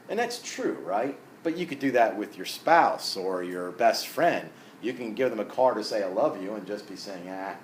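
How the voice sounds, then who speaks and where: Male faith-formation lecturer, conversational and digressive, asks the room questions; recorded in an echoey parish hall with faint background noise. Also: mid-range voice. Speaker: Catholic adult faith formation teacher.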